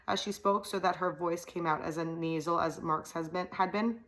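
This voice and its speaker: A woman reads a novel aloud in a steady, plain way. Her voice sits slightly low, and she now and then trips over a word before going on. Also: moderate pace, low-quality recording. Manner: steady reading with small slips. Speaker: audiobook reader.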